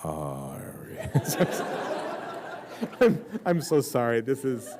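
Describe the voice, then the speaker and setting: A man's voice: medium pitch, animated, unhurried, noisy background. A man answering audience questions on a convention stage, telling rambling, self-mocking stories that keep wandering off track. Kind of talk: live convention Q&A storytelling.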